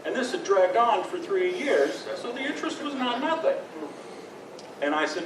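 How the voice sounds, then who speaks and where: A man's voice: high-pitched, sing-song, normal speed. A man, a lawyer, telling stories to a convention audience with laughs and mimicked quotes. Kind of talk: animated storytelling to an audience. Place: convention panel room. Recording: echoey room from far off with noise.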